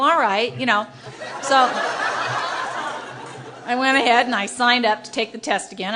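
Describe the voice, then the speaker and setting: A middle-aged woman speaking at a recovery meeting, telling her story in an animated, self-mocking way and acting out the dialogue. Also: fairly high pitch. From United States. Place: meeting hall with a live audience.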